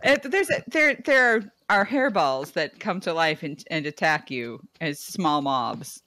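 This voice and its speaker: A woman's voice: low-pitched, animated, a little slow, bright, forceful tone. A woman chatting playfully as co-host of a charity gaming stream, laughing often. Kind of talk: casual chat.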